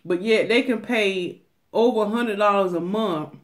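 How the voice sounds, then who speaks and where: A woman from Atlanta, chatting casually to her viewers in a mukbang vlog, animated and talkative, sometimes dropping to a whisper. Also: medium pitch, measured pace. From Atlanta, USA. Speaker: mukbang vlogger.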